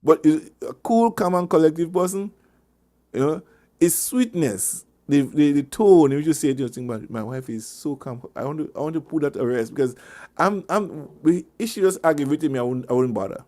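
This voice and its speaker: A man's voice: fairly high pitch, brisk, warm tone. A male radio host giving casual relationship advice over an online call, rambling through anecdotes with chuckles and repeated words. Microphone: online meeting call.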